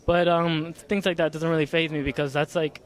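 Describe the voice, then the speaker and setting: Casual young male athlete, slightly high. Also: level tone, fairly quick. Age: young adult. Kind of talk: post-competition interview.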